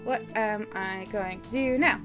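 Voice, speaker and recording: A woman's voice: mid-range voice, measured pace, over music. A woman from the UK streaming live, chatting casually and reading comments aloud in a self-deprecating, giggly way. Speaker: streamer co-writing a story with AI.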